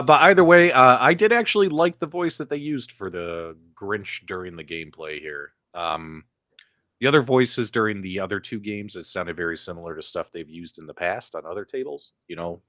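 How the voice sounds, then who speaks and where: A man co-hosting a casual live stream about gaming, teasing and talking to the chat, swinging from loud calls to muttered asides. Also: sits low, expressive, moderate pace, no echo, studio quality. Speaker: co-host of a retro gaming live show.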